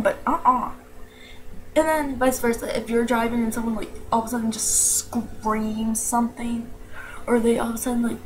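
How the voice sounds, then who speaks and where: A young woman with a slight New York accent, ranting in a casual vlog, slangy and animated with lots of "like". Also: on the high side, slight background noise, poor audio. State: allergies, tired.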